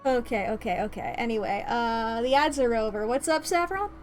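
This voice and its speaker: Giggly high-voiced woman streamer. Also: moderate pace, soft background music. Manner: rambling, giggly, playful slang. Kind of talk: casual chat during an ad break.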